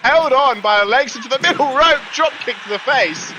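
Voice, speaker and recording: A man's voice: very high-pitched, expressive, fairly quick, bright, forceful tone, slight background noise, poor audio. A young man commentating a wrestling game live on a stream, chatty and greeting viewers between calls. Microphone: laptop mic. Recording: music playing behind. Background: music.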